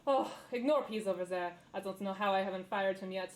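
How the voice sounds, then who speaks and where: A woman voicing a fussy, flustered old gnomish man with creaky knees, in a tabletop game. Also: medium pitch, brisk, a little mellow, natural voice, rough recording. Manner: fussy, flustered, mildly scolding.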